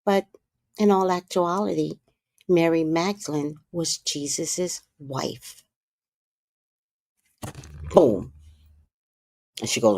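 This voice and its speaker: A woman hosting a livestream, telling a story in a casual, animated way, with hushed asides and loud, profane outbursts. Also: deep voice, slow, long pauses, no echo, studio quality. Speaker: livestream host.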